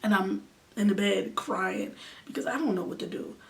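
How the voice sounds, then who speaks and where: Speaking at normal speed with a medium pitch and vocal fry, a woman in her twenties shares an emotional storytime as a vlogger. She's earnest, at times sinking almost to a whisper, and the distant mic catches faint background noise.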